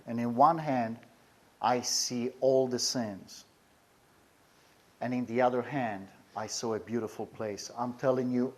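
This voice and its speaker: A man giving an earnest, intense personal testimony, often repeating his phrases. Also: mid-range voice.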